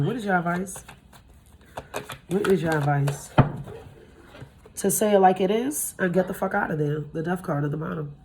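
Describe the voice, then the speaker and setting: A woman in her thirties doing a casual tarot reading in a lowish voice, swearing freely and talking bluntly. She sounds tired from little sleep and shoots up in pitch when something excites her. A clear steady noise runs behind her. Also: moderate pace, long pauses. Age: 30s. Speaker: tarot reader.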